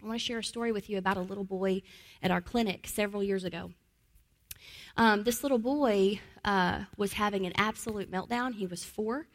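A woman giving a teaching talk as a trauma-informed trainer, repeating key phrases and dropping into a calm, soft voice to model soothing words. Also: medium pitch, brisk.

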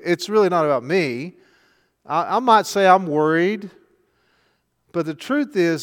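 Older guy pastor, kinda high voice, chatty sermon, lots of questions, big hall echo. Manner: chatty, asks many rhetorical questions. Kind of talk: conversational sermon. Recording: long hall reverb.

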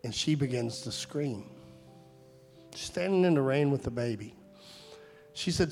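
Gravelly-voiced man preaching a sermon. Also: mid-range voice, lively intonation, a little slow, pauses often, a little mellow, soft background music. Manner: storytelling, growing fervent and pleading. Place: church service.

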